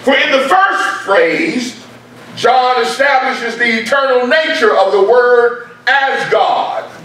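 A man's voice: very high-pitched, bright, forceful tone. A man preaching a sermon, emphatic and repeating key points for stress, heard in a church. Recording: very echoey room, mic far off.

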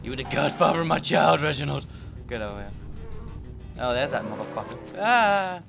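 A man giving profane, excitable commentary while playing a game, with sudden yelled outbursts. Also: medium pitch, fairly quick, creaky. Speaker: gaming YouTuber. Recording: game music behind voice.

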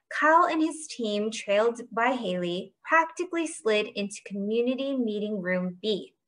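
A woman's voice: a little high, fairly bright tone. A woman narrating a children's novel aloud for a library book club.

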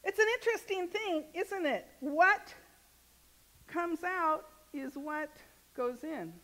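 A woman minister delivers a relaxed, joking sermon, often turning to her congregation with questions. Her voice sits high, and her talk is loose and conversational rather than formal. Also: slow pace, poor audio. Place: church sanctuary.

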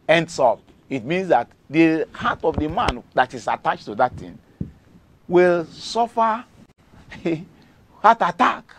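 A man's voice: high-pitched, creaky, a bit bright. A middle-aged man with a Nigerian accent, preaching a devotional sermon emphatically and repeating key phrases.

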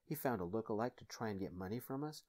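A man voicing a spiteful, sneering sister-in-law in a soft-spoken ASMR story. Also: on the low side, expressive, fast. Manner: sneering, yelling.

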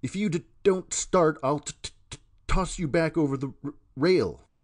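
A man's voice: on the high side, normal speed, voice pushed up, lightly acted. A man voicing a good-natured young male sailor who stutters badly when riled, in a storybook reading. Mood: angry.

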